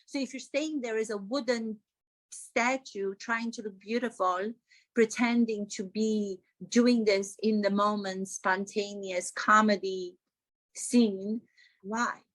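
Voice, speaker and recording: A woman's voice: medium pitch, fairly even intonation, slow pace, low-quality recording. A woman acting coach giving satirical commentary to camera, emphatic, exasperated and sarcastic.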